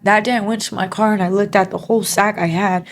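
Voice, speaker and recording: An earnest woman telling her own story as an interview guest, in a mid-pitched voice. Her talk stops and starts, padded with "you know" and "like" as she works through each thought. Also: fairly even intonation. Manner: halting, full of 'you know' and 'like' fillers; earnest and emotionally open. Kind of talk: candid personal faith testimony.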